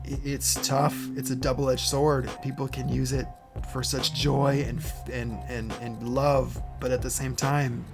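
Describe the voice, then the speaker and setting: A man streaming live, chatting in a halting, earnest way with many restarts, getting emotional as he speaks. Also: mid-range voice, level tone, creaky, over music. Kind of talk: casual live-stream chat.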